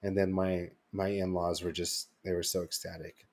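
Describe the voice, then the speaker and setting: A young man with a somewhat low voice chats loosely on a podcast. He tells his story in loose, meandering fashion, stopping and restarting often and leaning on filler words. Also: little pitch movement, normal speed, darkish tone. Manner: rambling storytelling with many fillers. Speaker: podcast co-host. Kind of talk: casual chat.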